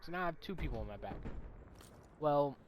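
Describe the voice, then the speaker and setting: Young male streamer, raised pitch, profane and animated, heavy game gunfire in the mix. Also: fairly quick, noisy background. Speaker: streamer telling a story. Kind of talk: casual storytime while gaming. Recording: loud game gunfire underneath. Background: video game gunfire and voice lines.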